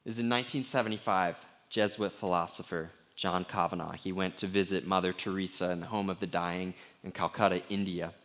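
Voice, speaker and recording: A middle-aged man preaching a sermon as pastor, candid and conversational, sometimes dropping to a hushed voice. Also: deep voice, steady tone, fairly quick, few pauses.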